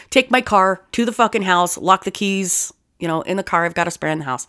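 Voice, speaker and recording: A young woman chatting casually as a podcast co-host, telling stories in a profane, animated way. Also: fairly low pitch, a little fast, hardly any pauses, clear, resonant tone. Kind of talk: casual chat.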